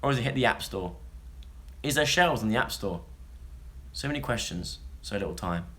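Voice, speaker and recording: A young man vlogs for a live audience, reading odd news stories aloud in a casual, jokey, rambling chat. His mid-range voice is expressive, pushed and bright, at a normal speed.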